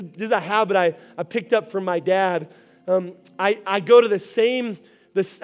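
High-voiced animated male pastor. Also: smooth. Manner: animated storytelling, often asks the crowd. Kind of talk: sermon.

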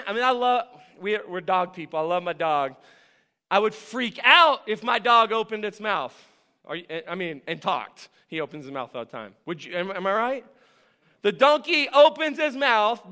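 High bright-voiced guy preaching in church, chatty, keeps quizzing the crowd. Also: clear, resonant tone, big-room sound. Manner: conversational, animated, asks the congregation questions. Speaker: pastor. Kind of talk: sermon. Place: church sanctuary.

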